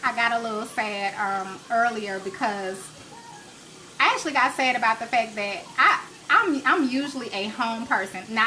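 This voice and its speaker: A woman's voice: on the high side, bright, forceful tone, slight background noise, rough recording. A woman, hosting a live home cooking stream, chatting with viewers and urging them to pray. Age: 30s. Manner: chatty, preachy, encouraging faith talk. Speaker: cooking show host. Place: home kitchen.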